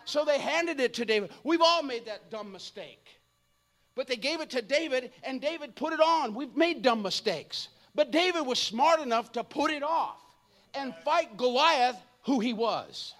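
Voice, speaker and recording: A man in his fifties preaching an energetic, comedic sermon, joking and acting out voices. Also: very high-pitched, normal speed. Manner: animated, jokey, acts out voices, shouts at times.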